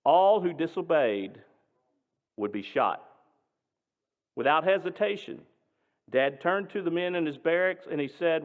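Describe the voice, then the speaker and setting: A male pastor tells a story in a sermon, speaking dramatically and emphatically, with his voice moving between loud and hushed. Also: on the high side, animated, a little slow, long pauses. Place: synagogue sanctuary. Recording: tinny, echoing hall.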